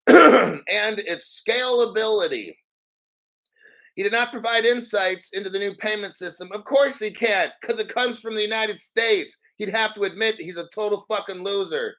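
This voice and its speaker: A man with a high voice tears into a news story in a profane, combative rant, full of mockery. His tone is sharp and forceful, and he keeps clearing his throat between remarks. He sounds like a crypto vlogger hosting his own channel. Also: normal speed, rough recording. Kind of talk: ranting commentary on a news article.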